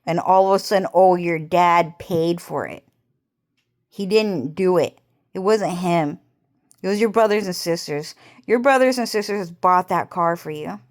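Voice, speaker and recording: A woman's voice: on the low side, measured pace. A young woman vlogger talking to camera in a rambling, agitated personal monologue, swearing heavily and repeating herself.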